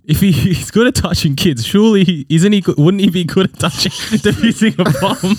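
A man's voice: high voice, a little fast, a little mellow, slightly rough. A man with an Australian accent co-hosting a casual podcast, bluntly calling out the others and swearing during a word game. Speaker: podcast co-host. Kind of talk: casual banter while playing a word game.

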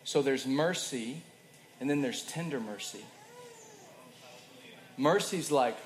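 A man preaching a sermon in a conversational way, moving between loud emphasis and soft, quiet passages. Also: medium pitch, slow, pauses often, slight background noise. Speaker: pastor. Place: church hall. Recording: roomy hall with faint ambience.

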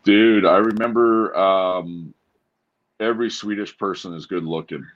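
A man's voice: low voice, steady tone, a little slow, highs cut off. A man from Canada in his forties, a former hockey player telling stories as a guest in a laid-back, easygoing way. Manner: laid-back, storytelling, says dude. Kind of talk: casual interview chat.

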